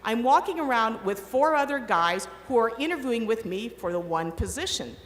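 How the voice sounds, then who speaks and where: A middle-aged woman giving a commencement speech, telling an animated story and acting out the quoted voices. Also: a little high, normal speed. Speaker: commencement speaker. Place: large ceremony hall. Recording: echoey hall with long reverb, faint ambience.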